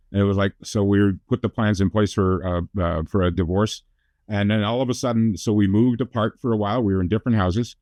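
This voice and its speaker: A man's voice: lowish voice, steady tone, a little mellow, no room sound. A middle-aged man from Canada, telling his life story as a talk-show guest with self-deprecating jokes. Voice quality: jokey self-deprecating storyteller, quick asides. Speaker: guest, motivational speaker.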